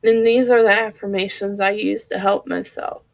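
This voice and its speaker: A woman's voice: medium pitch, fairly even intonation, normal speed, gravelly, no echo, poor audio. A woman vlogging candidly and earnestly, speaking straight to her viewers. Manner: earnest, open, talks to viewers directly. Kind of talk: candid personal vlog.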